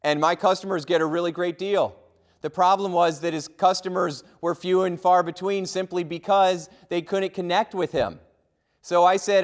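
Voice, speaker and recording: A middle-aged man giving a humorous motivational keynote, telling lively stories and acting out the voices of people in them. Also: high voice, moderate pace. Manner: lively, acts out quoted voices. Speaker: motivational speaker.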